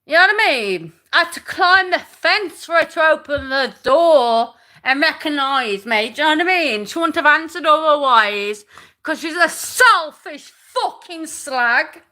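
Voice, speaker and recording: A woman's voice: high-pitched, lively intonation, a little slow, pushed and bright. A woman in an angry, swearing live-stream rant, repeating herself and making threats.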